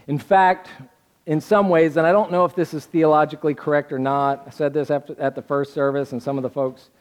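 A man preaching a sermon as pastor in a casual, conversational way, often pausing to let the congregation fill in the answer. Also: on the high side, a little mellow.

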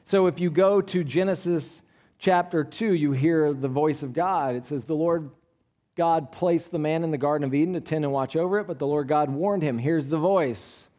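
A man preaching to a congregation in a chatty, questioning way. His voice sits a little on the high side for a man. He drops to quiet asides, then lifts his voice when he reads scripture aloud. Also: normal speed. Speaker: pastor. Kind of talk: sermon.

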